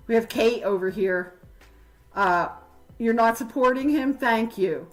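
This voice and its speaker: A woman's voice: on the high side, a little slow, faint music behind, poor audio. A woman hosting a livestream, ranting heatedly and confrontationally, rambling with fillers. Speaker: livestream host.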